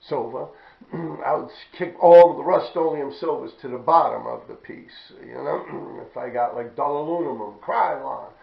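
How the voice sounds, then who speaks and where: A man with a heavily gravelly, rough-edged voice spins casual stories, swearing freely and clearing his throat again and again. His tone sits in a middle register. It sounds like a roomy space on a dull, muffled lo-fi recording. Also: medium pitch. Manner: profane, rambling, clears throat often. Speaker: graffiti writer telling stories. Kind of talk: casual storytelling.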